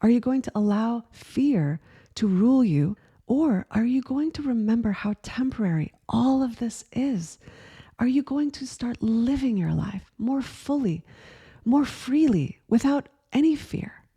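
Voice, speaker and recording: A woman in her forties giving a gentle, earnest spiritual talk that often asks the listener questions. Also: on the high side, lively intonation, measured pace, husky. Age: 40s. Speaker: spiritual teacher. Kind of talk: reflective spiritual talk to camera.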